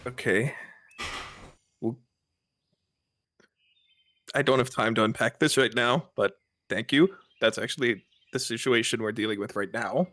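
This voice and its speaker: A man's voice: mid-range voice, unhurried, pauses often, a bit bright. A man playing a tabletop game, talking in a dry, hesitant, joking way. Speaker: player. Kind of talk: casual tabletop play.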